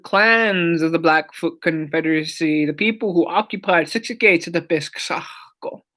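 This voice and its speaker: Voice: medium pitch, normal speed, sharp tone. A language teacher leading a lesson, saying each word several times and explaining how it is stressed, sometimes dropping to a whisper on a repeat. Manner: explains pronunciation patiently with short asides.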